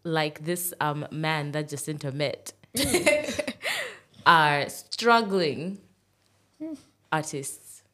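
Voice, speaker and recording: A woman co-hosting a casual podcast, reacting and laughing along in a relaxed way. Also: low voice, extremely slow, pauses often. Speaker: podcast co-host. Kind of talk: casual chat.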